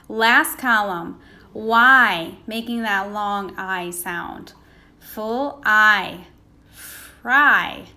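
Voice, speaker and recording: Slow, patient woman teaching phonics. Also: a little high, pushed and bright. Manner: slow, sounding out words letter by letter; patient, asks questions and pauses for answers. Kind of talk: recorded phonics lesson for children.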